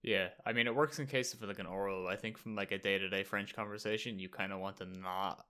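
A young man speaks in a low voice with a bright, sharp edge to it. He explains his views at an even, measured pace in casual conversation. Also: smooth. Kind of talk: casual chat.

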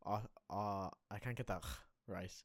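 A man's voice: fairly low pitch, steady tone, measured pace, no room sound, studio quality. A young Irish man chatting casually, rambling and correcting himself as he tells a story. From Ireland. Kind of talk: casual chat.

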